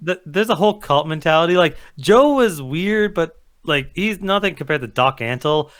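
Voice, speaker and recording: A man's voice: on the high side, expressive, moderate pace, fairly bright tone, clear, resonant tone. A man co-hosting a casual podcast chat, ranting with lots of swearing and acting out what other people say. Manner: profane, ranting, acts out quoted people. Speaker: podcast co-host.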